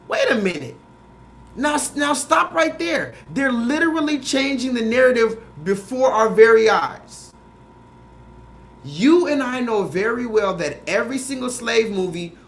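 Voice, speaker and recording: Man, livestream host, casual rant, animated delivery, quick asides. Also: sits high. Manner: mocking put-on voices when quoting films.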